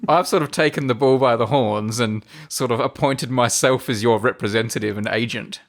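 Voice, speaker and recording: A man's voice: medium pitch, moderate pace. Laughing man reading listener messages. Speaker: podcast co-host. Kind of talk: casual chat.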